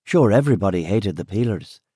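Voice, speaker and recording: Low, dark-toned male audiobook narrator. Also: expressive, brisk, husky, no echo, studio quality. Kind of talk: first-person noir narration.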